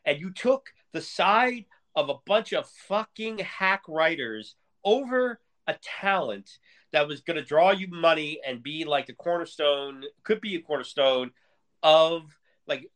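A man's voice: fairly high pitch, lively intonation, a little slow, a bit bright. A man co-hosting a podcast, ranting angrily in casual, profanity-heavy talk. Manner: angry, heated, profanity-laced ranting. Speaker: podcast co-host.

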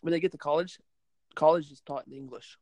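A man co-hosting a podcast in casual chat, chiming in with quick remarks. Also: fairly high pitch, steady tone, darkish tone, no room sound. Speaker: podcast co-host.

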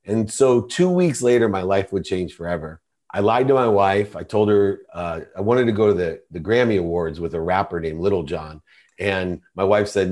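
A man's voice: low-pitched, moderate pace, darkish tone. A middle-aged man, a podcast guest, telling a personal story in an earnest, confessional way.

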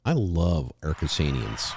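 A man's voice: very deep voice, slight background noise. A man co-hosting a podcast, rambling through pun-filled jokes in casual chat. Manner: punning, rambling wordplay jokes. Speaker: podcast co-host.

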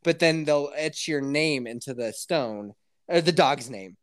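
A woman's voice: sits low, expressive, a little slow. A woman telling a rambling family story in casual chat, swearing and laughing as she acts out the people in it. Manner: profane, laughing storyteller who acts out quotes.

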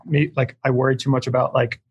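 A man's voice: mid-range voice, flat delivery, fast, husky, highs cut off. A man who is a creative director, talking as a podcast guest in a rambling way, full of filler words and swearing. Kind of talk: casual podcast conversation.

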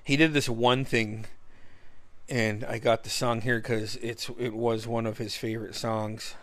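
A man's voice: medium pitch, level tone, measured pace, fairly bright tone, no echo. A man casually telling a personal story, swearing freely and acting out what people said. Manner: profane, loose storytelling that acts out quoted voices; frequent fillers and restarts.

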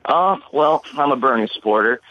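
A man's voice: mid-range voice, lively intonation, moderate pace, dry recording. A man calling in to a radio show, sharing a hopeful, rambling opinion in a friendly way. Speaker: radio caller. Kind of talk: call-in comment. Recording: dull, dry call-in audio.

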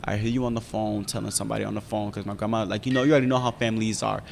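Low-voiced young man telling a story. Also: very fast, vocal fry, in a large hall, slight background noise. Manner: profane, animated storytelling with frequent "you feel me". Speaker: podcast storyteller. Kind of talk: casual chat.

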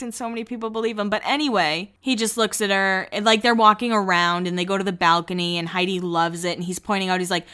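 A woman's voice: medium pitch, fairly even intonation, fast talker, hardly any pauses, bright, forceful tone, clean tone. A woman hosting a casual recap podcast, talking in a chatty, gossipy, playful way. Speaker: podcast host.

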